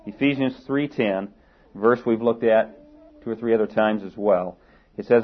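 A man's voice: mid-range voice, slightly rough. A man preaching a sermon, asking rhetorical questions and building to emphatic peaks. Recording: tinny phone-like sermon recording.

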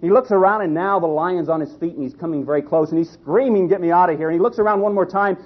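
Husky-voiced folksy preacher. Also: male voice, high voice. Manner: folksy, halting with restarts. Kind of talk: storytelling sermon. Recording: dull lo-fi recording.

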